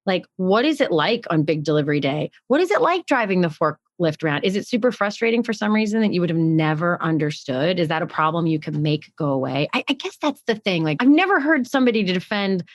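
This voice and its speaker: A woman's voice: lowish voice, expressive, fast talker, few pauses, no room sound, clean studio sound. A woman co-hosting a podcast, thinking aloud in casual reflective chat with frequent restarts. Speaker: podcast co-host.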